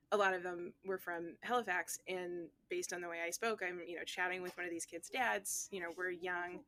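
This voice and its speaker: A woman's voice: fairly low pitch, sharp tone. A woman from the South Shore of Nova Scotia with a Nova Scotian accent, a physics teacher giving a thoughtful, candid interview answer. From South Shore of Nova Scotia, Canada.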